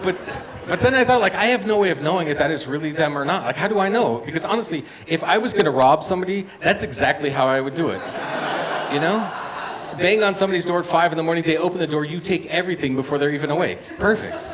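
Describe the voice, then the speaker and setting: A man in his fifties performing a stand-up comedy set, telling stories and acting out other voices with loud punchlines. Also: a little high, expressive, fast talker. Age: 50s. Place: comedy bar stage with live audience. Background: audience laughter and room noise.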